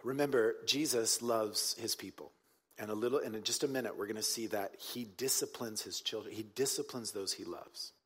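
A man's voice: lowish voice, moderate pace, fairly bright tone, husky, big-room sound. A man preaching a sermon in a conversational, emphatic way, repeating key points and checking in with his listeners. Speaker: pastor.

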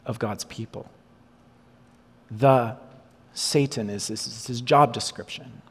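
A man delivers a lively sermon in a large hall, his voice a little high and husky. He slips into the voices of the people, Moses and God as he retells the story. A long reverb trails each phrase. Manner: animated, acts out the people, Moses and God in dialogue. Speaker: pastor.

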